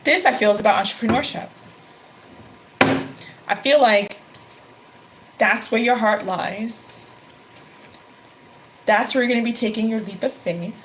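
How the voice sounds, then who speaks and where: Tarot reader, woman, middle-aged, a bit high-pitched, emphatic and repetitive, faint hiss behind. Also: measured pace, pauses often. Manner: emphatic, repeats phrases, exclaims. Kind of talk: tarot reading to camera.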